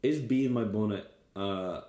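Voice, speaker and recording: A man co-hosting a podcast in a living room, trading dry, deadpan jokes in casual chat. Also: lowish voice, normal speed. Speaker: podcast co-host. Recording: echoey room.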